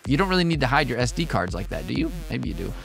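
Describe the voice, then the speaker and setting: A man's voice: mid-range voice, very animated, very fast, creaky, a bit bright, slightly rough, soft background music. A man giving casual commentary on a reaction video, bemused and rambling, constantly questioning what he sees. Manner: bemused, keeps asking questions, rambling asides.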